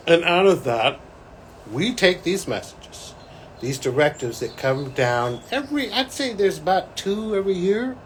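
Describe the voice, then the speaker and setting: A man, a psychic, talking to camera as he recounts a vision, animated and breaking into excited exclamations. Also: sits high, unhurried, slight background noise, poor audio. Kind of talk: solo talk recounting a vision.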